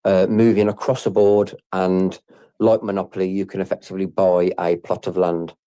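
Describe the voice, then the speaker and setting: Deep mellow man, halting speech. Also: level tone, clear, resonant tone, no room sound. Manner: hesitant, many fillers and restarts. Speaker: game project team member. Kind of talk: casual group audio chat.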